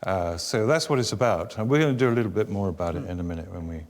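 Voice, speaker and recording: A man's voice: sits low, very fast. Older UK man, author, wry self-deprecating storyteller, reverberant church hall. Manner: wry, self-deprecating, building to animated exasperation. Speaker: author and guest speaker. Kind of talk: humorous storytelling talk. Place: church venue before an audience.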